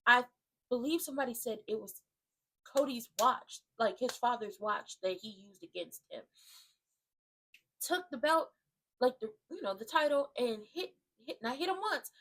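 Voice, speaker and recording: Woman vlogger with a highish voice, delivering an emphatic, slang-heavy rant recap. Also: a little slow. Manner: animated, slangy and emphatic, with asides to viewers. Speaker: wrestling commentary vlogger. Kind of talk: casual ranting recap.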